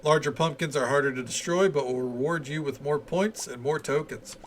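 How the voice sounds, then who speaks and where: A man's voice: fairly high pitch, normal speed, a little hiss or hum, lightly acted. A man doing a showy festival announcer. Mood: announcing. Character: upbeat festival event announcer. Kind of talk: reading game dialogue aloud.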